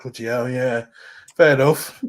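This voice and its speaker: A man with an average voice answers quiz questions, musing out loud. He lets his words trail off quietly as he thinks. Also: mid-range voice, steady tone, unhurried. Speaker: quiz contestant. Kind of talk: casual chat.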